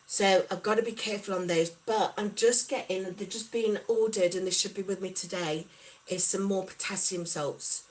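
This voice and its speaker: A woman's voice: mid-range voice, steady tone, normal speed, low-quality recording. A middle-aged woman from the UK, chatting casually on a livestream and reading out viewers' comments. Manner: chatty, reads out viewer comments and replies warmly. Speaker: livestream host.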